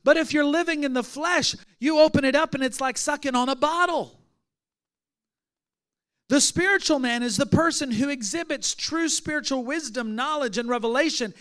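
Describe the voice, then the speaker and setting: A pastor preaching a sermon, telling a story with swings from loud, energetic bursts to hushed, intimate retelling. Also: male voice, very high-pitched, moderate pace.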